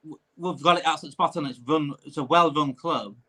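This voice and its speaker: A man hosting a casual live-stream chat, ranting in an animated way. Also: fairly high pitch, moderate pace, breathy edge.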